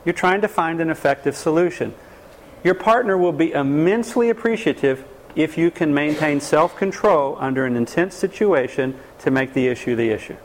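Animated man lecturing a class. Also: a little high, normal speed, slight background noise, low-quality recording. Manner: animated, emphatic teaching with rhetorical questions. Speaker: relationship class teacher.

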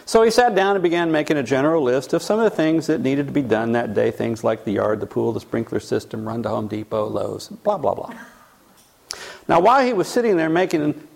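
Lively storytelling male lecturer. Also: medium pitch, brisk, vocal fry. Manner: tells a case story, then asks the audience questions. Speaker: teacher.

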